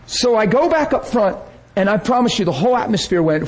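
A man preaching a sermon, telling a story with lively energy and acting out the people he quotes. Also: sits high, a little fast, few pauses, slightly rough, low-quality recording.

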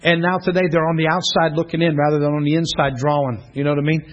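A middle-aged man, a pastor teaching a class in a church room, telling stories in an animated way and often laughing. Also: on the high side, quick pace, lo-fi sound. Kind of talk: preaching to a class. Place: church classroom, streamed online.

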